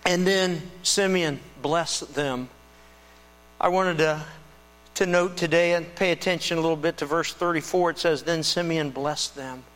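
A male pastor giving a conversational, animated sermon, retelling a scripture scene. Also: a little high, a little slow. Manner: conversational, animated storytelling with restarts. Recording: reverberant hall with mains hum.

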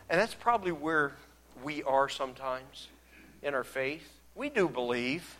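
A man's voice: fairly high pitch, lively intonation, a little slow, sharp tone. Earnest man preaching a sermon. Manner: earnest, acts out biblical speakers with rising emotion. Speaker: pastor.

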